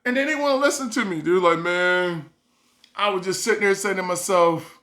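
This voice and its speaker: A woman vlogger telling a comic story in loose, repetitive casual phrasing, breaking into animated exclamations. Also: on the low side, normal speed, echoey room.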